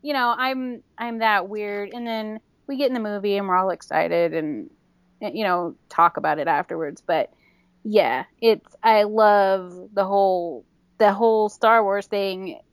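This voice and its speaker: A woman's voice: mid-range voice, clean tone, no echo. A woman telling funny stories in a casual podcast chat, laughing often and acting out what people said. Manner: giggly, fast storytelling with acted-out quotes. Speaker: guest.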